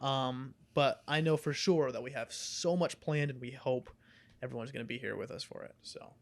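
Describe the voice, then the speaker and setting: A man's voice: mid-range voice, moderate pace, vocal fry. A young man co-hosting a podcast, telling cartoon plots with lots of laughter and casual swearing. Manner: animated storyteller, laughs often, swears casually. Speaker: podcast co-host. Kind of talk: casual chat.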